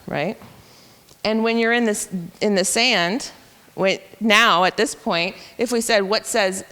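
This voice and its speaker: A woman's voice: mid-range voice, a bit bright, clear, resonant tone, big-room sound. A woman teacher patiently explaining reading rules to educators, step by step.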